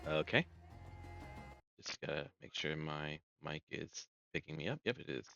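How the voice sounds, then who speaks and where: Gamer guy, lively bright voice, wry and chatty, slightly muffled with faint game music. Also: very deep voice, moderate pace, gravelly. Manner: wry, chatty, self-mocking. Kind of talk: casual let's play commentary.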